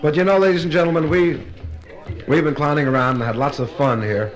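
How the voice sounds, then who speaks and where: Brisk stand-up comedian in a club. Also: male voice, on the high side, steady tone, music in the background. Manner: brisk joke-telling with punchline timing. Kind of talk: nightclub stand-up routine. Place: live club show before an audience. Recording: live LP recording with distant crowd laughter.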